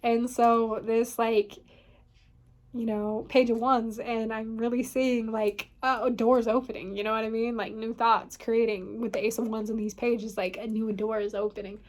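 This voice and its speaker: A woman's voice: fairly high pitch, flat delivery, normal speed. A woman giving a casual tarot reading, rambling and filling her talk with "like" and "you know what I mean". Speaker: tarot reader.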